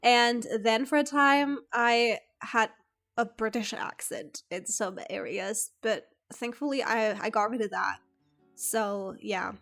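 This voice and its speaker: A woman whose first language is German chats casually on stream, rambling and giggling at her own stories. Her voice sits a little high, and soft music plays faintly in the background. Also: takes it slowly, gravelly. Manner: rambling, giggly, self-deprecating. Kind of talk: casual chat with stream viewers.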